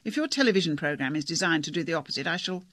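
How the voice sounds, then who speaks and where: A man's voice: a little high, animated, very fast, fairly bright tone, no echo. A man voicing a stern, pompous older male doctor who speaks in a declamatory, speechifying way.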